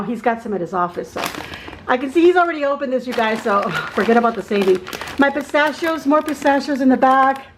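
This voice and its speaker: Chatty gravelly-voiced woman from Texas. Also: fairly high pitch, noisy background. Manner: chatty, rambling, searching for words. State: out of breath. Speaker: vlogger. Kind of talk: casual home tour chat. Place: home kitchen.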